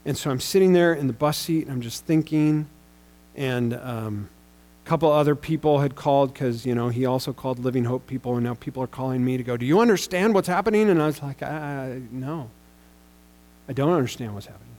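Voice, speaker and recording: A man's voice: mid-range voice, a little fast, darkish tone, low-quality recording. A man in his forties, a pastor, telling a personal story in a sermon in a conversational way, with bursts of raised emphasis.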